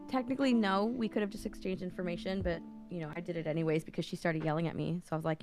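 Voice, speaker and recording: Woman telling an animated story. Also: fairly low pitch, rapid-fire, soft background music. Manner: animated storytelling, quotes herself. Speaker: guest painter. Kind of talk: casual chat.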